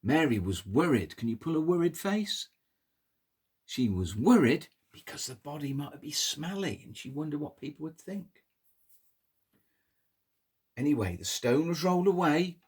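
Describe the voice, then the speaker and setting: A man tells a Bible story to toddlers in a bouncy, sing-song way, his pitch leaping up and down. His voice is a little husky and sits on the higher side, and he keeps inviting the little ones to pull faces along with him. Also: big pitch swings, unhurried, pauses often, a little mellow. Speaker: children's storyteller.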